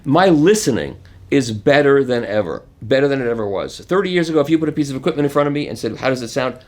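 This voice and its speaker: A man's voice: mid-range voice, quick pace. Older man telling anecdotes. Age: 70s. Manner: animated, acts out quoted voices, chuckles. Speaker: interview guest. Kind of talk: casual anecdotal storytelling.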